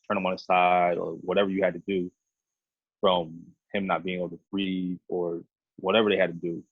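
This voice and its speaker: Police officer, podcast co-host, deep husky voice, earnest rambling delivery, dry tinny phone-like sound. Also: male voice, no room sound. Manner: earnest, rambling explanations full of restarts. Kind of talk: casual podcast discussion.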